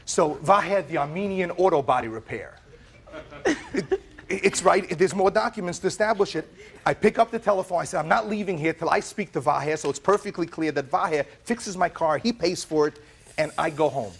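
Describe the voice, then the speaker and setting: Animated man telling his story. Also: sits high, normal speed. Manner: dramatic, acts out quoted dialogue. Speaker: plaintiff in small claims court.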